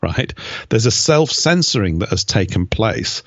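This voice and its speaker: A man's voice: fairly low pitch, very animated, measured pace, fairly bright tone, no room sound, lo-fi sound. A man giving emphatic, opinionated answers as an interview guest, with mocking asides. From Britain.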